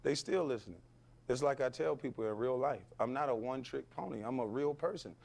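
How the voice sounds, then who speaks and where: A former athlete as a podcast guest, talking bluntly and emphatically and firing back rhetorical questions. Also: male voice, medium pitch, fairly quick, gravelly, a little mellow. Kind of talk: heated podcast interview.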